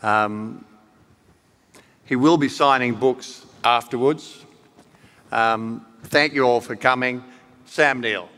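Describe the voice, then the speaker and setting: A man hosting a live book talk, asking questions with a dry, teasing, deadpan manner. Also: medium pitch, takes it slowly, pauses often, slight background noise. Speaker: interviewer and event host. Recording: reverberant hall with audience.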